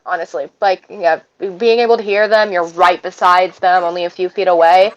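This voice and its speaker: A woman running a tabletop game as game master, narrating hesitantly with many pauses. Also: fairly low pitch, fairly even intonation, muffled recording. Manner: hesitant, lots of uhs.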